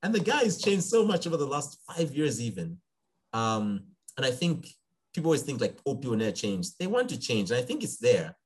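A young man talks through an interview at an easy conversational pace. His pitch swings widely as he speaks, and he slips into the voices of the people in his stories. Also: a little fast, slightly rough. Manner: animated storyteller, acts out quoted dialogue. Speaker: guest, psychiatrist in training.

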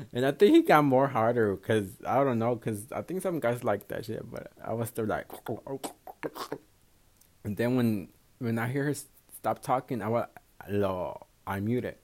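A young man hosts his own podcast and tells stories in a loose, profane way. He, slips phrases in and out, and laughs at his own jokes. His voice sits at an ordinary male pitch. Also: lively intonation, normal speed, a little mellow. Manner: profane, chatty, switches into Spanish phrases. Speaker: podcast host. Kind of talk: casual solo storytelling.

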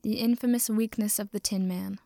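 A woman's voice: medium pitch, steady tone, a little fast, gravelly, mellow, no echo, clean studio sound, close to an everyday voice. A woman voicing a pompous, formal tin man who speaks precisely like a class president. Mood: rueful.

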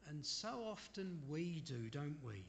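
A man preaching a sermon in an unhurried way, asking his listeners rhetorical questions and making apologetic asides. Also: on the high side, very animated, gravelly, slight background noise. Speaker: preacher leading a Bible study.

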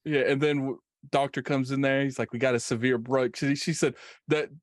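A man chatting in a relaxed way, stopping and restarting as he tells a story. His voice is mid-pitched and sounds close and dry. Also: no echo. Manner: laid-back, halting storyteller. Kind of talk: casual chat.

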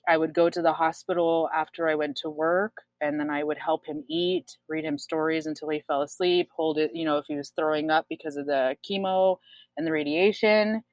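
A woman's voice: low voice, steady tone, a little fast, no echo. A woman in her twenties, telling her own story frankly in a casual chat, swearing often and using many fillers. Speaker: guest sharing her story.

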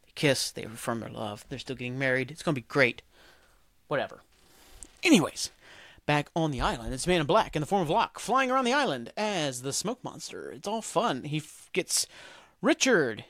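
This podcast host has a fairly high, sing-song, slightly bright voice and talks at a moderate pace in a dry, studio-quality recording. Recapping alone and casually, he wanders from point to point, cursing and filling gaps with "like" and "um."

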